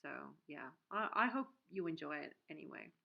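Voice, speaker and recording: A woman's voice: deep voice, expressive, moderate pace, vocal fry. Chatty woman, lo-fi livestream sound. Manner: chatty, rambling, with many fillers, reading viewer comments aloud. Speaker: livestream host and soap maker. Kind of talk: casual livestream chat. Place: home workshop. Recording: dull, lo-fi stream audio.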